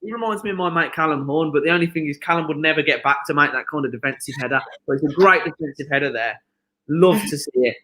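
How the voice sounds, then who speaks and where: A man with a Birmingham accent hosting a live football watchalong, chatty and excitable, often shouting at the match. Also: a little high, fast. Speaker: stream host.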